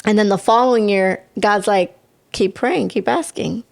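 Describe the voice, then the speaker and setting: A woman's voice: mid-range voice, normal speed, gravelly. A woman co-hosting a podcast, animatedly telling a personal story and acting out the voices of the people in it. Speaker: podcast co-host. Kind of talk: storytelling in casual chat.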